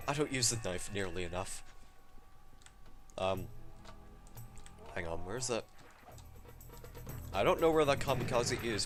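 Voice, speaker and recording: A young man giving playful commentary over a shooter game, swinging between excited outbursts and mock-calm asides. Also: medium pitch. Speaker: gaming commentator. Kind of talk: casual let's-play commentary. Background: game music.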